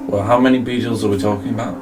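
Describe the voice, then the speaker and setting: A man's voice: lowish voice, fairly even intonation, racing, music in the background. A man playing a tabletop game, talking plainly about tactics. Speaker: player. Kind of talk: casual tabletop game chat.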